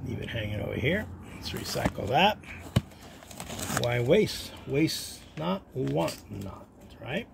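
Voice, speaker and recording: A man's voice: mid-range voice, big pitch swings, takes it slowly, vocal fry. A man casually chatting to viewers as he unpacks a box of baseball cards, talking to himself and dropping into whispers. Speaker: card collector vlogger. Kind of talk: casual unboxing chat. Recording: noisy home recording.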